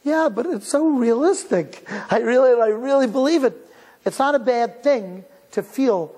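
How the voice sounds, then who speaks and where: In a big reverberant hall, a high-voiced man with a darkish, slightly rough tone gives a live talk as a rabbi. Originally from Cleveland, Ohio, he shares stories casually, often starting sentences over and laughing along with his listeners.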